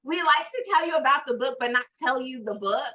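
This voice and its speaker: A woman's voice: sits high, animated, brisk, bright, forceful tone, recorded from a distance. A woman co-hosting a podcast, joking playfully in a casual chat. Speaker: podcast co-host.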